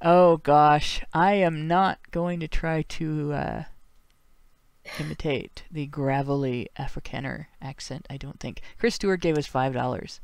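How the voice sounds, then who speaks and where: A man with a Northern Ohio accent hosts a livestreamed talk show and reads viewer donations aloud. His voice is smooth and clear and sits a little high for a man. He is dry and sardonic, and he breaks off into chuckling asides. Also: fairly even intonation, a little slow, no echo. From Ohio, USA.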